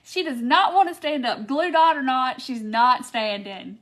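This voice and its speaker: A woman's voice: high-pitched, a little slow, a bit bright. A woman hosting a live craft tutorial, chatty and laughing often as she reads viewer comments by name. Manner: giggly, keeps breaking into laughter. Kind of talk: casual live-stream chat.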